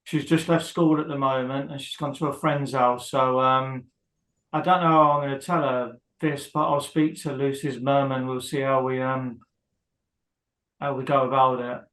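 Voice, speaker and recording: A man's voice: mid-range voice, flat delivery, normal speed, fairly bright tone. Hesitant man in an echoey room. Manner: hesitant, many ums, rambling. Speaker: guest, husband of a prisoner. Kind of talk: emotional interview.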